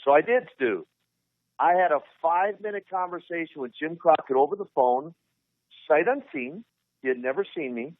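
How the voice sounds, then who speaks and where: A man's voice: a little high, normal speed, no room sound. A man in his fifties from Minnesota, a guest telling stories in an interview, acting out other people's lines with energy. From Minnesota, USA. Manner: animated storyteller who acts out dialogue. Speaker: interview guest, former pro wrestler. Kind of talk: storytelling on a podcast interview. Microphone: phone call. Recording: tinny phone line.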